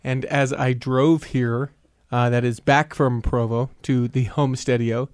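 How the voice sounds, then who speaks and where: A man's voice: mid-range voice, flat delivery, unhurried, clear, resonant tone, no room sound. Casting: male podcast host, sore tongue, rambling and teasing, dry booth sound. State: sore tongue affecting his speech. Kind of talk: casual podcast chat. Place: home studio.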